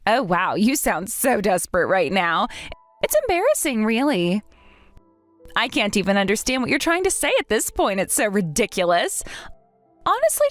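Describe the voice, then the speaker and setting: A woman plays a snobbish young bride with a lively, swooping voice that drips with mockery. Her delivery is haughty and condescending, recorded dry and close, with faint music behind. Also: on the high side, dry recording. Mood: mocking. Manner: mocking, haughty. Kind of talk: dramatized story voice acting.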